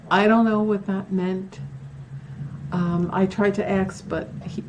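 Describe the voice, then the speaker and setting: A woman talks casually about her own experiences, with many fillers and little acted-out quotes. Her voice is warm and mellow, of middle pitch, recorded at home with faint noise underneath. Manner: chatty, full of fillers and quoted dialogue. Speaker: paranormal vlogger. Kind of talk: casual storytelling to camera. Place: at home, near a bedroom.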